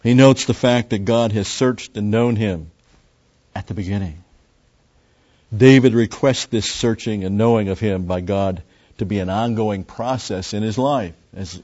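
A man's voice: fairly low pitch, a little mellow, muffled recording. A man preaching a Bible teaching sermon, explaining a passage step by step and repeating key phrases. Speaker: pastor.

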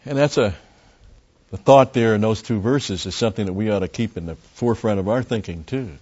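Guy preaching a bible lesson, lowish voice, kinda dull lo-fi sound, repeats stuff to drive it home. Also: a little fast, a little mellow. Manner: explanatory, repeats key phrases, some restarts. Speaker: pastor. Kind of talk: Bible teaching sermon.

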